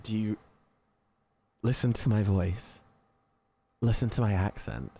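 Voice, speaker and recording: A man's voice: fairly low pitch, fairly even intonation, slow pace, vocal fry, dark tone, slightly rough. A man with a British accent chatting casually with his live-stream viewers in a playful, teasing way, swearing and laughing often. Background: faint lo-fi music.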